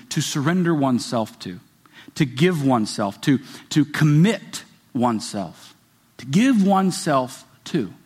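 A man preaching a sermon as a pastor, earnest and repetitive, building emphasis as he speaks. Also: fairly high pitch. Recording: music playing behind the voice. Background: soft guitar music.

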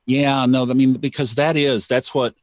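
A man's voice: mid-range voice, fairly even intonation, normal speed. A man talking casually in a podcast conversation, reflective and repeating phrases for emphasis. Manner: reflective, sermon-like repetition.

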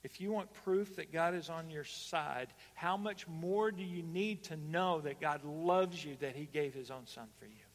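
Male pastor, slow deliberate delivery, sermon voice carrying through a long-reverb church hall, loud emphatic calls dropping to hushed lines. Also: on the high side.

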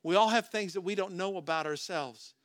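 A male pastor delivers a sermon in a high, bright voice. He speaks conversationally, firing rhetorical questions at the congregation and often restarting his phrases. The sound is dry and close. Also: a little fast, no echo.

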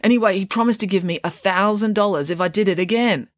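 A woman's voice: mid-range voice, fast, no echo, studio quality, pitched above the performer's own voice, lightly acted. A woman voicing a nervous, guilty young teenage schoolboy in a storybook reading, speaking sheepishly. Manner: sheepish, apologetic.

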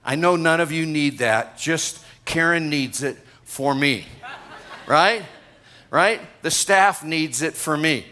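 A man preaching a lively sermon as pastor, excitable and joking with the congregation. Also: a little high, slow pace, a little hiss or hum. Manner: energetic, excitable, jokes with congregation.

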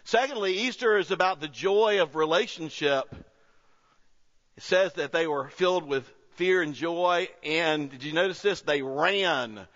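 A man's voice: on the high side, measured pace, fairly bright tone. A man, preaching a sermon to his church in a conversational style that rises into emphatic peaks. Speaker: pastor. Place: church sanctuary. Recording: dull sound with long hall reverb.

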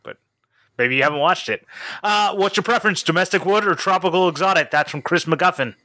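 Bright-voiced young man, joking banter. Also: sits high, dry recording. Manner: quick, joking, laughs easily. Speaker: podcast co-host. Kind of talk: casual chat reading listener questions.

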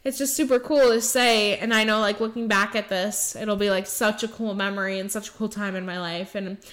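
A woman's voice: mid-range voice, fairly even intonation, a little fast, fairly bright tone. A young woman from Michigan hosting a podcast in casual chat, bubbly and laughing often, with lots of "like" in her speech. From Michigan, USA. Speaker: podcast host.

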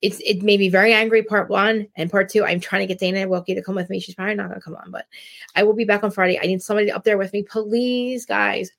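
Jersey-accented woman host, blunt, rambling live chat, mid pitch with vocal fry. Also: steady tone, fast talker, fairly bright tone. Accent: New Jersey. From New Jersey. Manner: rambling, blunt, many restarts. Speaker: live-stream podcast host. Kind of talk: casual live-stream chat.

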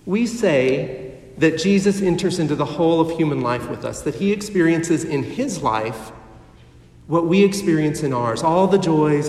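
Slow-preaching man in an echoey hall. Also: a little high, a little mellow. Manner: slow, measured preaching with dramatic pauses. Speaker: pastor. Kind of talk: sermon. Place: church sanctuary. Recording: echoey hall heard from a distance.

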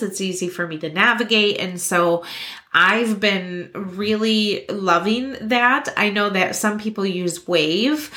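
A young adult woman hosts a podcast, reading scripted material in a mid-range, sharp-toned voice. She offers earnest, encouraging business advice.

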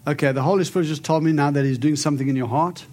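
Speaking very fast in a slightly high, darkish voice with fairly even intonation, a man preaches and prophesies to a congregation, emphatic and coaxing responses. Faint music sits behind him.

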